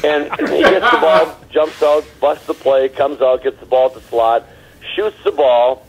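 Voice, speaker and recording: A man in an interview loudly telling a lively anecdote. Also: medium pitch, unhurried, husky, poor audio. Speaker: former player telling a story.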